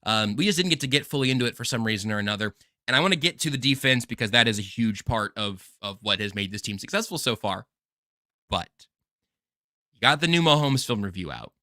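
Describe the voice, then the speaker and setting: Bright, dry-sounding podcast host. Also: male voice, mid-range voice, lively intonation, brisk, no room sound. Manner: rambling, joking, self-deprecating. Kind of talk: casual sports podcast chat.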